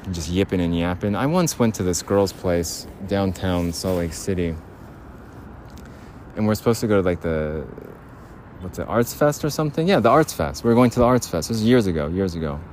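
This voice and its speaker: A man's voice: low voice, lively intonation, moderate pace, a little mellow. A man rambling through an audio diary while walking in a city park, often laughing. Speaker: podcast host. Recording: faint outdoor street noise.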